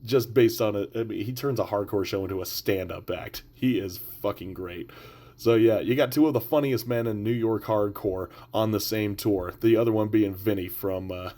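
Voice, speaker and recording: A man's voice: fairly low pitch, moderate pace, mellow. A man hosting a podcast, running down upcoming gigs in a laid-back, profane, chatty way. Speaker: podcast host. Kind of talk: casual show-roundup chat.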